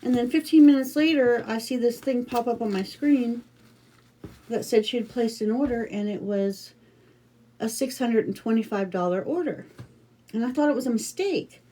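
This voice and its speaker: A middle-aged American woman chats through a craft livestream in a relaxed, rambling way, full of fillers and restarts. Her voice is mellow and soft-edged. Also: a little high, moderate pace. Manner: chatty, rambling storytelling with many fillers. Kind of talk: casual livestream chat.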